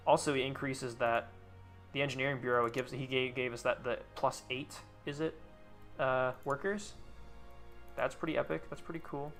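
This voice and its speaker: Young male streamer, bright voice, loose joking banter with chat and casual swearing over faint background music. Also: mid-range voice, steady tone, normal speed, pauses often. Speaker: live streamer. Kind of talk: casual gameplay commentary.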